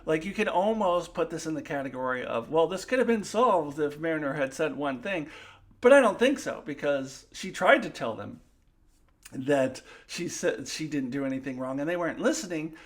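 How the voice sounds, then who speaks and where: A woman's voice: deep voice, expressive, normal speed. A woman talks through her opinions of a TV episode in a solo review. She is emphatic and opinionated, rising sharply when annoyed. She stops often to restart sentences. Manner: frequent fillers and restarts.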